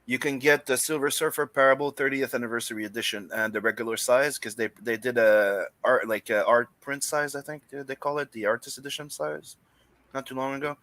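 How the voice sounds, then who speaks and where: A man from French Canada co-hosting a podcast, talking in animated, casual banter that swears often and stumbles over restarts. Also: mid-range voice, fairly quick, no echo. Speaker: podcast co-host.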